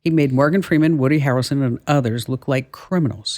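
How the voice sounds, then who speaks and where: A woman with a New Jersey accent hosting a tech radio show, chatty and quick to laugh as she interviews a guest. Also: extremely low pitch, darkish tone, no echo.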